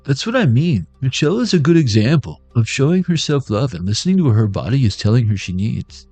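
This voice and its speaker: A man's voice: mid-range voice, sing-song, brisk, warm tone, slightly rough, no echo, faint music behind. Joking, rambling man reading tarot. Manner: joking, rambling, swears freely. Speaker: tarot reader. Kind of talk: casual livestream tarot reading.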